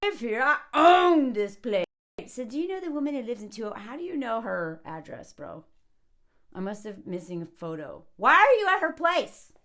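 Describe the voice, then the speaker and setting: Female film vlogger, mocking and conversational, high, very animated delivery. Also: normal speed. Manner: sarcastic and mocking; chatty, full of likes and ums. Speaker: movie reviewer. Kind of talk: casual commentary.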